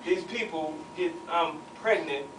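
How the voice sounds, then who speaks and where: Male preacher voicing a bewildered young woman, rapid anxious questions; distant noisy room sound. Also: fairly high pitch, reverberant, close to an everyday voice. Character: young woman, startled virgin told she is pregnant.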